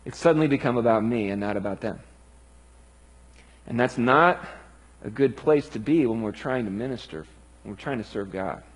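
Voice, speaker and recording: A man's voice: medium pitch, normal speed, long pauses, breathy edge, poor audio. A man preaching a sermon in an earnest, emphatic way.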